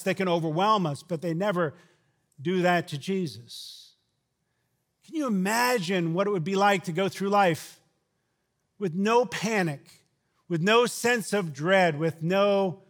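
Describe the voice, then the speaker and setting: A man preaching a sermon who shouts out quoted lines and then drops to a low, quiet delivery. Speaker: pastor.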